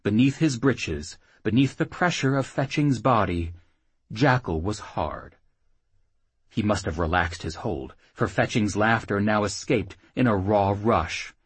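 A man reading an audiobook in an expressive, steady storytelling manner, close on the mic. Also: fairly low pitch, measured pace, breathy edge, dry recording. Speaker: audiobook narrator. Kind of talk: scripted narration.

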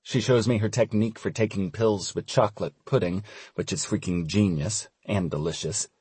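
A young man giving relaxed, wry first-person audiobook narration. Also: lowish voice, normal speed, slightly rough, no room sound.

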